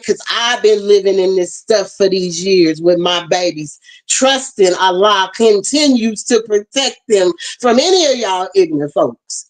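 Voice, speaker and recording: A woman's voice: fairly low pitch, poor audio. Woman host with a Southern US twang, fiery and emphatic, preaching straight to her audience. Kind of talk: impassioned preachy livestream talk.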